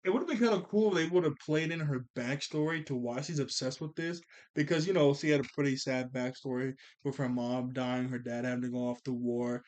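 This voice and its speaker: A man's voice: mid-range voice, fairly quick, darkish tone. A man reviewing a cartoon episode in a casual, rambling way, laughing often and checking that listeners follow him. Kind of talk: casual commentary.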